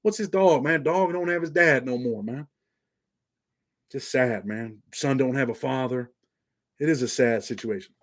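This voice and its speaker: A man's voice: mid-range voice, unhurried, pauses often. Casting note: forties male vlog host, New York native with a slight country twang, laid-back and streetwise. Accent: slight Southern country twang. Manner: laid-back, streetwise, drops "man" constantly. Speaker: channel host. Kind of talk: casual monologue to viewers.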